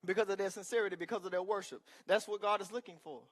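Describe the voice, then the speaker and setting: A man's voice sitting high and fairly even in intonation carries a fast-moving sermon. The pastor swings from loud declarations to murmured remarks, adding forceful call-and-response asides along the way.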